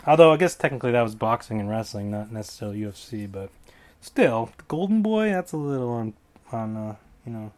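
A man's voice: fairly low pitch, expressive, fairly quick, a little mellow. A man hosting a casual solo podcast, rambling through fight predictions in a jokey way and often correcting himself mid-sentence. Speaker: podcast host.

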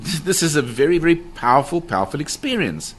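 A man's voice: fairly high pitch, big pitch swings, fast talker, slightly rough. A middle-aged man telling of a paranormal encounter with drama, acting out quotes and repeating his phrases. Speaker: guest describing a paranormal encounter. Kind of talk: animated storytelling.

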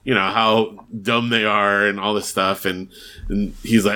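A man's voice: lowish voice, little pitch movement, unhurried, bright, forceful tone. A man co-hosting a podcast, casually retelling a TV episode in a chatty way and leaning often on "like". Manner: chatty storytelling with frequent "like". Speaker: podcast co-host.

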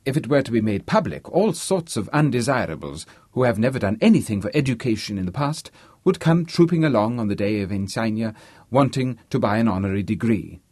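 A man voicing a scheming professor who explains things calmly and persuasively. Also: mid-range voice, brisk, breathy edge, no room sound.

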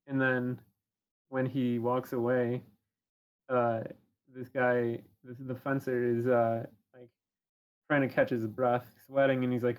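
A man's voice: mid-range voice, little pitch movement, slow, long pauses, smooth. A man co-hosting a podcast, talking in a hesitant casual chat full of uhs and ums. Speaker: podcast co-host.

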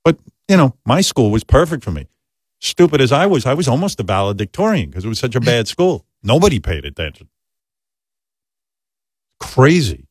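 Animated man telling a self-deprecating story. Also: mid-range voice, moderate pace, pauses often, slightly rough, no echo, clean studio sound. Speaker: radio show host. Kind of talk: casual storytelling on a talk show.

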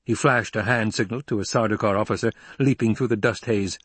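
A man narrating an audiobook in a steady, even storytelling manner. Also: fairly low pitch, quick pace, breathy edge, no room sound. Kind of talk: scripted narration.

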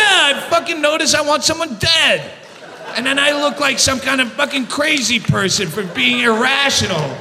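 Shouting, ranting male stand-up comedian. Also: very high-pitched, creaky. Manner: profane angry ranting, often shouting. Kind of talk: stand-up routine. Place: live comedy stage. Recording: live show with hall reverb and audience.

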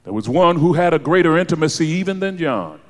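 A male preacher with a high-pitched, animated voice who speaks slowly and deliberately. He swings from hushed lows to shouted climaxes. His words ring out with a long reverb, as if in a large hall. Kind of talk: sermon.

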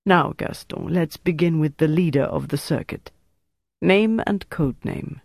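A narrator voicing a calculating male officer who interrogates a prisoner in a calm, clipped, matter-of-fact way. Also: mid-range voice, measured pace, gravelly, dry recording, studio quality. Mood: cold, calm. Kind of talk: audiobook narration.

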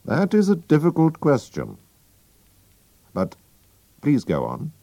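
A man reading a storybook aloud, voicing a calm, thoughtful detective in a measured, grave way. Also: on the high side, dry recording, voice pushed up, heavily acted.

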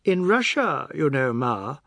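A man's voice: on the high side, sing-song, a little slow, creaky, fairly bright tone, no echo, exaggerated voice. A man reading a novel aloud, voicing a boastful, self-assured man who lectures a family about Russia. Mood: lecturing. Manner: grand, self-assured speechifying.

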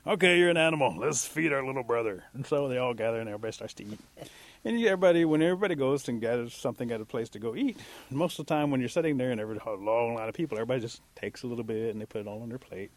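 A man telling a traditional animal folk tale aloud in a relaxed, conversational way. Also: medium pitch, rapid-fire. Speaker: storyteller.

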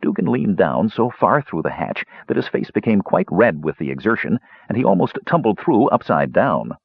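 Husky-voiced male audiobook narrator. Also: fairly low pitch, no echo. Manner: expressive, measured reading. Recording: dull lo-fi recording.

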